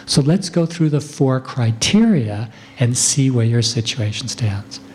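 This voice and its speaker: A middle-aged man, a physician, giving a talk to clinicians and calmly acting out conversations with patients. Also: medium pitch, measured pace, a little hiss or hum. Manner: calm, demonstrating doctor-patient dialogue. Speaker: physician lecturer. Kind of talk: lecture to clinicians.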